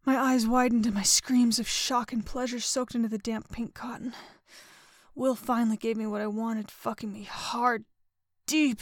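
Breathy, whispering woman narrator. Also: fairly high pitch, dry recording, clean studio sound. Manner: breathy, often whispered, panting delivery. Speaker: erotic story narrator. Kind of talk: first-person erotic audio story reading.

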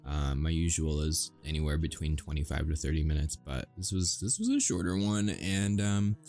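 A man's voice: rumbling low, expressive, moderate pace, a little mellow, soft background music. An American man who makes audio roleplays, chatting casually and rambling to his listeners, swearing and chuckling often.

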